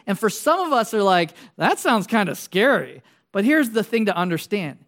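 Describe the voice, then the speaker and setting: Casual, joking male pastor preaching. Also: high-pitched. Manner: casual, joking, wanders into tangents; conversational, asks the audience questions. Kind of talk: sermon.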